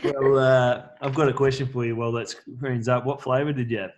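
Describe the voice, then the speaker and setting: A male host asks a casual question in a mid-range voice. Clear noise hums behind him. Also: medium pitch, little pitch movement, fairly quick.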